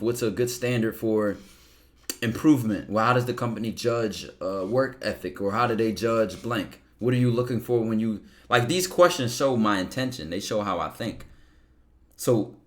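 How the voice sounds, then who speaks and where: A man hosting a call-in advice show, talking bluntly and with energy and swearing freely. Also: mid-range voice. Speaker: host.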